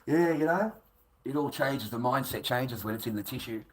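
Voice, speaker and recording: A man's voice: medium pitch, normal speed, low-quality recording. Swearing man ranting. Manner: coarse, swearing, repetitive. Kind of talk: ranting monologue to camera.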